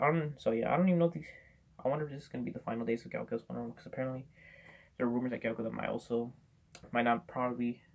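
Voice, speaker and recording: Gravelly fast-talking man reviewing a movie. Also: mid-range voice, a little mellow. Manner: rambling, swears a lot, many fillers and restarts. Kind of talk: casual spoken movie review.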